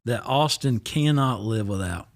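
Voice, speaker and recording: A man's voice: medium pitch, lively intonation. Man hosting a casual podcast interview. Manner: encouraging, quick to laugh, asks follow-ups. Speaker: podcast host.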